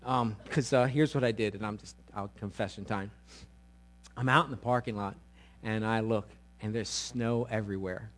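A middle-aged man preaches as a pastor, narrating a story at a moderate pace with a steady tone. He moves between loud, big peaks and intimate, quiet low passages.

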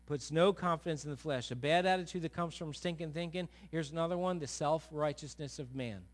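Animated high-voiced male pastor. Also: brisk, hardly any pauses. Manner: animated, acts out quoted voices, wide swings in loudness. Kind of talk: sermon.

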